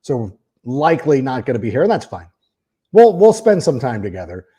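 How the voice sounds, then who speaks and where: A man's voice: mid-range voice, sing-song, moderate pace, warm tone, breathy edge. A man hosting a sports podcast, talking casually and at length, often repeating words as he starts a sentence. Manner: reads a sponsor ad in the middle. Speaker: podcast host. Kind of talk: casual sports talk monologue.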